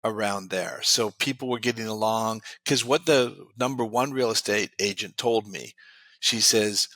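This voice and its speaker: In an interview, a guest expert recounts client success stories, quoting many of their lines. His voice is lowish and sharp, recorded without echo.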